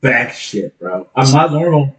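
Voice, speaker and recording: A man's voice: mid-range voice, expressive, measured pace, fairly bright tone. A man co-hosting a podcast, throwing in crude joking asides during casual banter.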